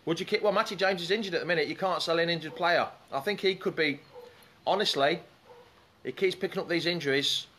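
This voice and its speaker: A man's voice: a little high, quick pace, fairly bright tone. Chatty man live-streaming beside a pool. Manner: chatty, reads out and greets viewers' comments. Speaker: fan show host. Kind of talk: casual live-stream chat. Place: outdoors beside a swimming pool in the sun. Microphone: phone or camera set up by the pool.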